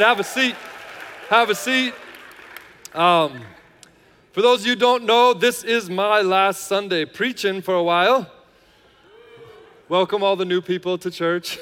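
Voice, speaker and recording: A man's voice: high-pitched, fairly even intonation, measured pace, long pauses, a bit bright, a little hiss or hum. A man, a lead pastor, talking to his congregation in a chatty, joking way with lots of fillers. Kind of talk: casual sermon intro and worship lead. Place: large church hall. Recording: reverberant church hall.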